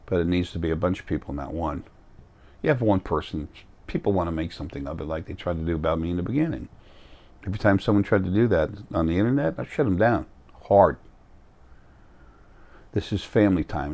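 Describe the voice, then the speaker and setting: A man with a very deep, low-pitched voice talks straight to camera in a loose, rambling monologue. He sounds tired, blunt and defiant, brushing off criticism in plain words. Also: a little mellow. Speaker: vlogger.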